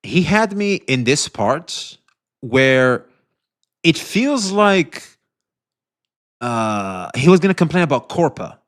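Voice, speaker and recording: A male streamer reacts to a video live and talks straight to his chat. His pitch rises and falls a lot as he rambles and corrects himself, and he swears freely. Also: sing-song, slow, pauses often, a bit bright. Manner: addresses chat directly, frequent restarts and swearing. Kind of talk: livestream reaction commentary.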